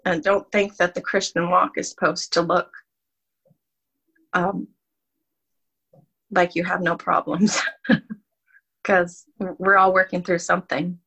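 A woman speaking as a guest in a casual Christian chat, reflective and rambling, with soft laughs. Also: fairly low pitch, flat delivery, slow, vocal fry, long pauses, slightly rough, lo-fi sound. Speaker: guest participant in a ministry challenge. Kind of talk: casual faith testimony.

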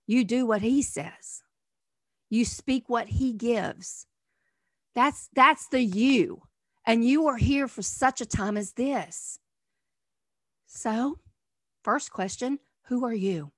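Earnest woman preaching, higher voice. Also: dry recording, studio quality. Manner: earnest, rhetorical questions, swings from soft to emphatic. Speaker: minister. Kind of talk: teaching sermon on a call.

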